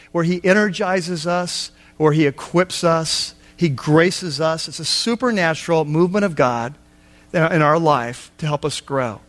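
A man's voice: on the high side, fairly bright tone. A man preaching a sermon on a Bible passage, talking conversationally with asides and acted-out quotes. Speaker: pastor.

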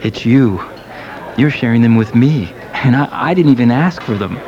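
A man's voice: medium pitch, animated, crowd noise, natural voice. A man playing a smitten, melodramatic lover on a date in a radio comedy sketch. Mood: crooning. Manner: slow, crooning, melodramatic. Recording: lo-fi radio recording.

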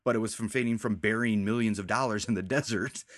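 A man's voice: lowish voice, steady tone, quick pace, no room sound, studio quality. A man hosting a casual chat, rambling as he recaps TV scenes and quotes the characters' lines. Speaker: podcast host.

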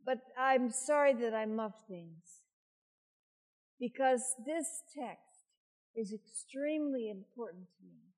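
A woman's voice: a little high, expressive, slow pace, darkish tone. An older woman preaching a sermon, chatty, with self-deprecating asides.

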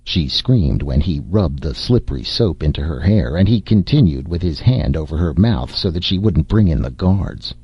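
A man narrating a novel as an audiobook reader, with an expressive, varied delivery. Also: very deep voice, normal speed, few pauses, husky. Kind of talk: scripted narration. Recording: dull, dry lo-fi recording.

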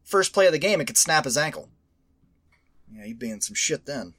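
A man hosting a podcast in casual chat, rambling, animated and profane. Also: on the high side, fairly quick. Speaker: podcast host.

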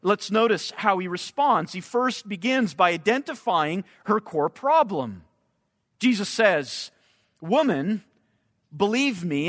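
A man preaching a sermon, slow and emphatic, sometimes repeating words as he searches for the next phrase. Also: sits high, fairly bright tone. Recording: long hall reverb.

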